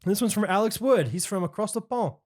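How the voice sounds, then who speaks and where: A man's voice: high-pitched, expressive, a little fast, a little mellow. A man co-hosting a podcast in casual chat, easygoing and joking. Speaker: podcast co-host.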